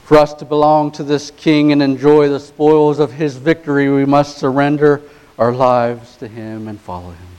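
Male pastor, mid-range voice, sermon delivery that shifts from hushed to emphatic, with slow, deliberate stress on key words. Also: smooth, low-quality recording. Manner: swings from hushed, low passages to rising, emphatic exhortation.

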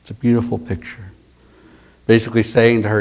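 A man's voice: lowish voice, level tone, brisk, pauses often, darkish tone. A male pastor preaching a sermon, retelling stories in a conversational way with frequent repeated words and restarts.

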